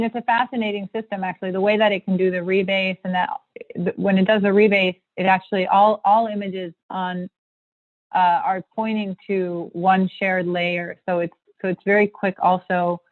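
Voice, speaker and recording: A woman's voice: medium pitch, no room sound. A woman guest presenting a technical topic on a livestream video call, talking in a rambling way with many fillers and restarts. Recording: tinny phone-like line.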